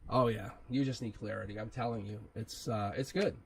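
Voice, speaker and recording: A man's voice: on the low side, steady tone, fairly quick, gravelly, a little hiss or hum, poor audio. A man hosting a live tarot reading, talking in a rambling, casual way, chuckling often and swearing now and then. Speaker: tarot reader, livestream host.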